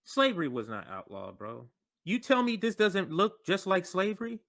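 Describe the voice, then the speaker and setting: A man's voice: high-pitched, wildly swooping pitch, moderate pace, a bit bright. A man giving political commentary in an emphatic, incredulous way.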